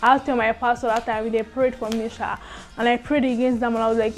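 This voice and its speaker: A young woman, telling a storytime vlog in an animated way that swings between loud and hushed. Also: on the high side, a little fast. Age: young adult. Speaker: vlogger.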